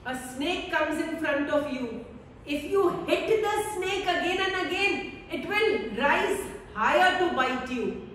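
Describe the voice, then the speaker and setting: A woman giving a calm, meditative devotional talk on scripture, with a slow, repetitive, soothing delivery. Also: sits high, slight background noise. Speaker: spiritual teacher. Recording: echoey hall, voice from far off.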